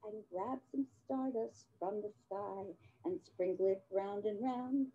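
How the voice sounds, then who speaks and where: A woman playing a cheerful Mrs. Claus who does magic tricks and puppet patter for children, in a slow, sing-song, coaxing children's-show delivery. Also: medium pitch, a little hiss or hum, lightly acted. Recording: dull, muffled audio.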